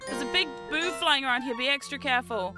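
A woman streamer giving live gameplay commentary. She is excitable, shrieks and swears at the game, and makes chatty, self-mocking asides to viewers. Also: high voice, fast talker. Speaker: VTuber streamer playing a video game. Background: game music.

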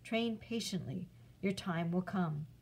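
A woman's voice: lowish voice, measured pace, darkish tone, breathy edge. A woman voicing Chiron, a weary old centaur. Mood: measured. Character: weary wise old male centaur teacher. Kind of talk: storybook read-aloud.

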